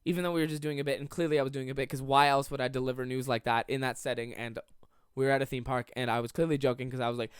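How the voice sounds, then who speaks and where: A man's voice: medium pitch, level tone, very fast, smooth, no echo, studio quality. A young man hosting a solo comedy podcast, telling rambling stories and slipping into silly voices to act them out. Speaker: podcast host.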